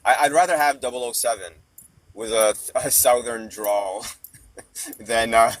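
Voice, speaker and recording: A man hosting a casual chat, rambling and animated, laughing often as he talks. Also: mid-range voice, a little slow. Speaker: podcast host. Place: parked car outdoors.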